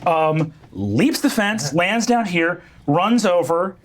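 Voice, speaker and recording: A man's voice: sits high, animated, takes it slowly, background noise. Rambling man running a tabletop game. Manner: rambling, many fillers and restarts. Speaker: game master.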